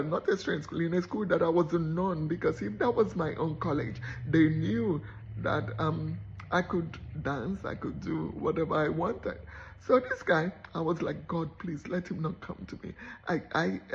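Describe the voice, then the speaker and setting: Woman, motivational storyteller, animated, slightly gravelly voice, muffled lo-fi sound. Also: fairly low pitch. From Nigeria. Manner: animated, acts out the voices of people in her story. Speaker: motivational speaker.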